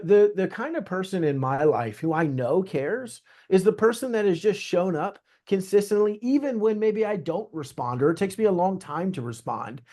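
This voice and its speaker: A man from Southeast Virginia, a realtor guest on a podcast, telling stories in an earnest, animated way. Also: fairly high pitch. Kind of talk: conversational interview.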